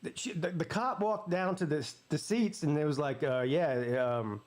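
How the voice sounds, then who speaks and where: A man's voice: high-pitched, expressive, moderate pace. A man hosting a live sports watch party, telling a story in a casual way, swearing freely and acting out the voices he quotes.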